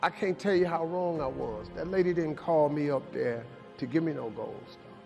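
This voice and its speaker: A man's voice: fairly high pitch, moderate pace, gravelly, mellow, in a large hall, highs cut off, faint music behind. A man giving a preached motivational speech, rhythmic and repeating lines for emphasis. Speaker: motivational speaker.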